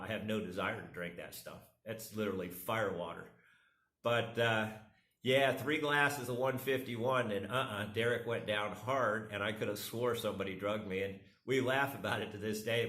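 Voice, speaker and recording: A man's voice: lowish voice, pushed and bright. A middle-aged man vlogging, telling a rambling, self-deprecating story and acting out the quotes. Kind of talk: casual storytelling. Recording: echoey room.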